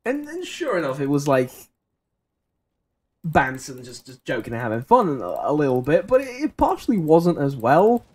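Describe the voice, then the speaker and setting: A man's voice: on the high side, wildly swooping pitch, normal speed, a little mellow, breathy edge. A man in his twenties streaming a game and telling a rambling anecdote in casual chat. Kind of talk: casual chat while gaming.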